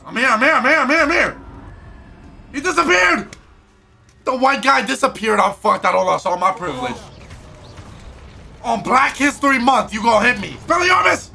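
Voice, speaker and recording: High-voiced, shouting comedic gamer man. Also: expressive, normal speed, gravelly, pauses often. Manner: loud, joking, profane, reacts with shouts. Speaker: gaming streamer. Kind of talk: comedic live game commentary.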